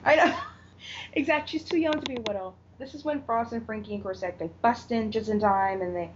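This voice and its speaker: A woman's voice: fairly high pitch, fairly quick. Woman animatedly recapping a TV episode. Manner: animated retelling, acts out quotes, swears. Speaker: podcast co-host. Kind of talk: casual episode recap chat. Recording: dull lo-fi audio with faint noise.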